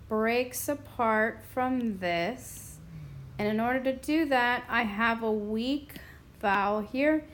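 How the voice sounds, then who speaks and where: Her voice slightly high, a woman teaching Spanish explains a grammar point at a slow, careful pace, stopping occasionally to clear her throat.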